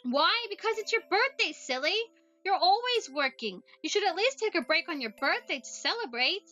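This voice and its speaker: A woman's voice: extremely high pitch, big pitch swings, normal speed, bright, forceful tone, faint music behind, exaggerated voice. A woman voicing a blunt, impatient young girl who teases her friend in a snappy, sarcastic way in a voiced visual novel. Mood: insistent.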